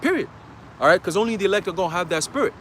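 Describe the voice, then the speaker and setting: Brief: man, high voice, laid-back street-style preacher, faint traffic behind. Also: lively intonation, very fast, fairly bright tone. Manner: conversational, filler-heavy, reads scripture aloud. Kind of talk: livestream sermon, casual street talk.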